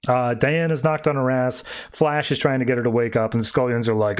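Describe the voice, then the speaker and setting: A young man talks through a comic's plot at a casual podcast pace. His voice sits in a middle register. He rambles and leans on fillers, and his pitch lifts when he quotes characters. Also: fairly even intonation, brisk, clear, resonant tone. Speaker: podcast host reviewing comics. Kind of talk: casual recap and review.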